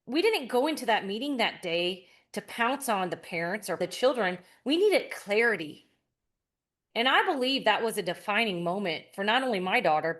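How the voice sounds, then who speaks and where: A woman's voice: mid-range voice, a bit bright. A woman with a mid-range voice speaks as a podcast guest. She tells her story sincerely and from the heart, in a casual conversational tone.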